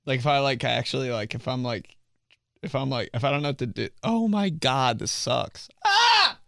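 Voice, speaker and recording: A man's voice: medium pitch, moderate pace, vocal fry, a bit bright, no echo. A young man telling casual comic stories about himself, rambling, full of fillers and laughing at his own jokes. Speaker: comedian. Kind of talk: casual comedic storytelling monologue.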